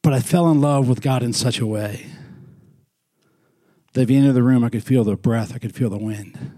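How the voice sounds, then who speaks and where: A man's voice: medium pitch, normal speed, dark tone. A male pastor preaching a sermon in a small church, talking conversationally, prodding the congregation with questions and repeating words for emphasis.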